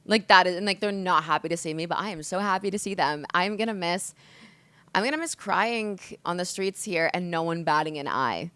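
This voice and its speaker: A woman in her mid-twenties from the States talks alone on her podcast, open and emotional, swearing often and leaning on "like." Her voice sits a little low, and the sound is dry and close with no room echo. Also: brisk, smooth. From United States. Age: 20s. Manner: candid, expressive, swears often, says "like" a lot. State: emotional, hungover. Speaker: podcast host. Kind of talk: emotional solo podcast monologue.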